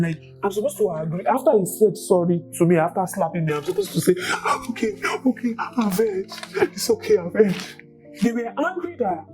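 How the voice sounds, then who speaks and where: Young nigerian woman telling her story, lowish mellow voice, chatty and repetitive. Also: rough recording. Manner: chatty and animated, repeats words, mixes in Yoruba and pidgin phrases. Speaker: storyteller recounting her own relationship. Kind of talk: candid personal testimony, casual storytelling.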